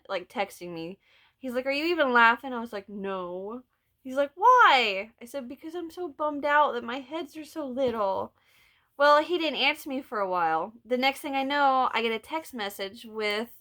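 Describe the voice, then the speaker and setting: Middle-aged woman, southern illinois accent, chatty storyteller, kinda high bright voice, laughs a lot. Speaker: vlog host, crocheter. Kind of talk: casual chat.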